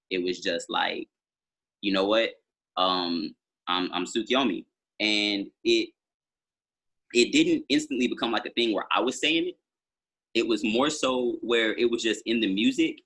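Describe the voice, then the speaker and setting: A man's voice: on the low side, pushed and bright, breathy edge. A man talking as a musician guest on a podcast, telling long rambling stories full of fillers in casual conversation. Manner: rambling storytelling with many fillers.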